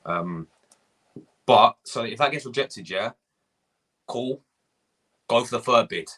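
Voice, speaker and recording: Young guy ranting on a live stream, husky voice, swears a lot, keeps repeating himself. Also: mid-range voice, animated, slow, fairly bright tone. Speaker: fan channel host. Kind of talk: live-stream rant reading chat.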